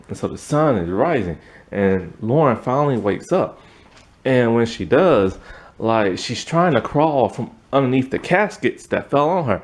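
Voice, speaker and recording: A man's voice: medium pitch, a little mellow. A man giving a casual, rambling spoken review of a TV episode, retelling the plot with many fillers.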